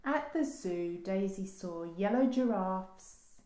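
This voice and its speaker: A librarian with a mid-range voice reads a children's picture book aloud, telling the story slowly and expressively. The recording has a roomy echo.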